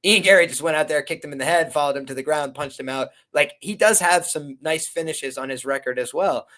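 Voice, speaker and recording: Man, guest analyst, measured, thinking out loud, slightly high voice. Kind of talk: casual fight-betting chat.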